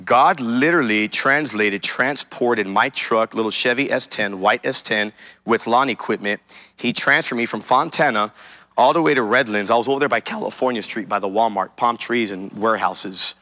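A man's voice: mid-range voice, moderate pace, sharp tone, dry recording. A male pastor preaching a sermon, telling a personal story and making emphatic declarations to his congregation.

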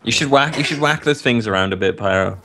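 A man's voice: mid-range voice, quick pace, sharp tone, slight background noise. A man joking and teasing friends in casual gaming banter.

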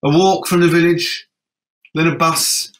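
A man performing his own spoken-word monologue on stage, wry and lilting, moving between hushed lines and sudden exclamations. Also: fairly high pitch, fairly even intonation, unhurried.

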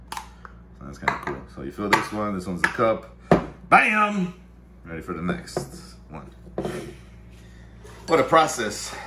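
A man's voice: mid-range voice, noisy background. A man hosting a casual vlog at home, rambling and cursing, muttering to himself as he works. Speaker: vlog host. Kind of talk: casual chat while making coffee. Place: home kitchen-dining room.

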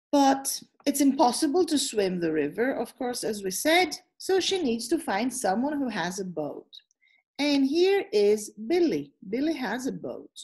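Upbeat woman teacher on a video call. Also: on the high side. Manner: lively, encouraging, instructive. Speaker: teacher trainer. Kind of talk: online webinar instruction.

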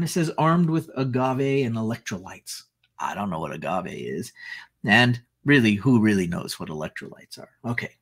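Husky-voiced man riffing on business. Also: mid-range voice. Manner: chatty, sarcastic asides, frequent "right?". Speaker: podcast host. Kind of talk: casual business commentary. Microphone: screen-share recording.

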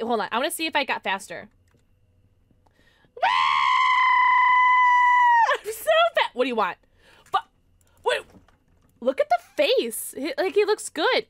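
Woman, streamer, high lively voice, excitable, jokey, bright tone, dry close mic. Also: dry recording. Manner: excitable and jokey, quick to laugh. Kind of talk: live gameplay commentary.

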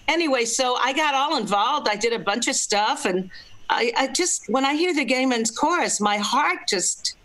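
A woman's voice: sits high, animated, moderate pace, a bit bright, low-quality recording. An older woman from Los Angeles, a film critic guest chatting in an interview with playful humor and easy laughs. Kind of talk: casual interview chat.

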